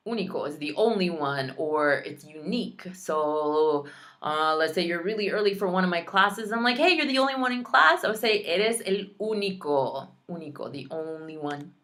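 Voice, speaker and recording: A woman's voice: sits low, normal speed. A woman teaching a Spanish lesson online, pronouncing practice words carefully and adding chatty, playful asides.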